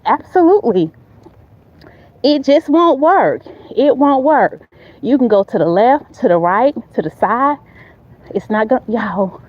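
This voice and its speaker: A woman's voice: a little high, muffled recording. A woman giving a motivational faith talk on a walk, emphatic and repetitive like a preacher, recorded on a phone.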